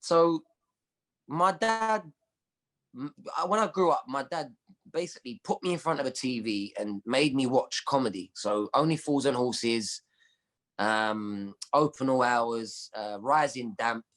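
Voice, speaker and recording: A man with a London accent, a comedian chatting as a podcast guest and telling animated stories full of street slang. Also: medium pitch, unhurried. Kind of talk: casual chat.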